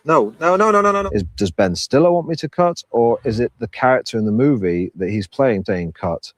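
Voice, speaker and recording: A man's voice: medium pitch, fairly quick, dry recording. A man recalling a confusing moment on a film set in an interview clip, retelling it with disbelief. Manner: animated, incredulous retelling. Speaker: actor recalling filming.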